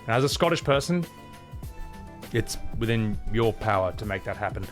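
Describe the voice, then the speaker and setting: A man's voice: fairly low pitch, animated, moderate pace, faint music behind. A man in his thirties chatting casually and animatedly on a live game stream, laughing often. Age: 30s.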